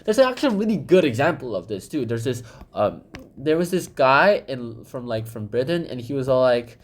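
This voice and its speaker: A man's voice: mid-range voice, very animated, moderate pace. A man hosting a book summary channel, talking casually in a rambling way with lots of fillers.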